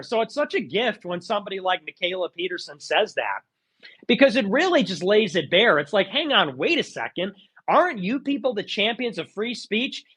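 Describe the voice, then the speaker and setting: A man's voice: sits high, bright, forceful tone, husky. A man giving a heated, argumentative monologue in a live audio chat room, pressing his points insistently. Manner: argumentative and insistent, with mocking put-on quotes.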